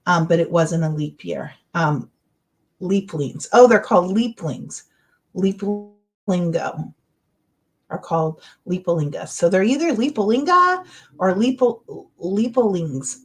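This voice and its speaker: A middle-aged woman hosting a casual livestream, rambling and encouraging, with lots of fillers. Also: lowish voice. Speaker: livestream host. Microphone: webcam or computer mic, livestream.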